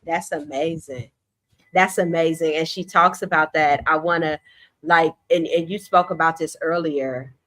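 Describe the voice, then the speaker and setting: Expressive woman hosting an interview. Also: low-pitched, measured pace. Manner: expressive, affirming, jumps in with lively asides. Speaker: host. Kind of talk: casual conversational interview.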